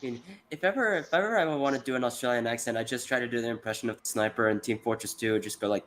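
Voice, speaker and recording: A participant in a casual chat who jokes and reacts quickly. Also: medium pitch, a bit bright, a little hiss or hum.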